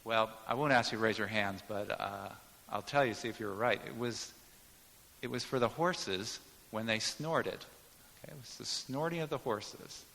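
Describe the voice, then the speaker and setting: A man's voice: fairly low pitch, moderate pace, gravelly, pushed and bright, in a large hall, slight background noise. A man preaching a sermon, teaching in an emphatic way and explaining Greek words to the congregation. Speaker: pastor.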